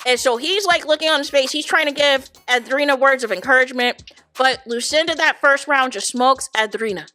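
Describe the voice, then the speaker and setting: A woman's voice: high voice, a little fast, sharp tone. A woman hosting a reality TV reaction show, talking casually and animatedly to viewers she calls "y'all", repeating words for emphasis. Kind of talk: casual commentary.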